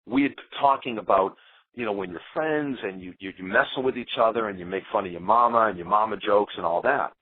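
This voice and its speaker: An eliminated contestant gives his side in a heated interview, defensive and animated as he acts out what others said. His voice is lowish and slightly rough, his pace fairly quick, and the tinny phone line carries no echo.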